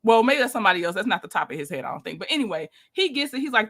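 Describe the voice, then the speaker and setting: A woman's voice: fairly high pitch, very animated, very fast, fairly bright tone. A woman giving a casual, chatty reality-show recap, talking straight to her viewers with opinionated asides. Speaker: YouTube commentator.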